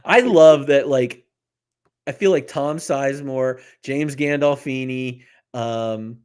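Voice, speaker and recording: A man's voice: mid-range voice, takes it slowly, darkish tone, smooth. A man co-hosting a movie podcast, laid-back and chatty, who laughs often and trails off mid-sentence. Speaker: podcast co-host. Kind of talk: casual chat about a movie.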